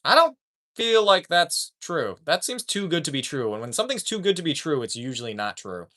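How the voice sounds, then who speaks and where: Guy streamer chatting w chat, lots of swearing, voice jumps all over, kinda high. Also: brisk. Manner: profane, animated, joking. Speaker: live streamer. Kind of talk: casual live-stream chat.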